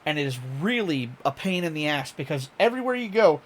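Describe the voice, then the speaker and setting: High-voiced man telling a story. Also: very animated, a little fast, a little hiss or hum. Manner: storytelling, swearing, acting out quotes. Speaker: streamer. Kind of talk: casual chat.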